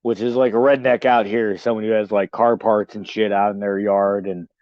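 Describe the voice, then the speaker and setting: American dude guesting on a podcast, low voice, easygoing and sweary, kinda dull lo-fi dry sound. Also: male voice, flat delivery, normal speed, no room sound. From United States. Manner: easygoing, chuckling, profane. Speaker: guest, professional wrestler. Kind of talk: casual podcast interview.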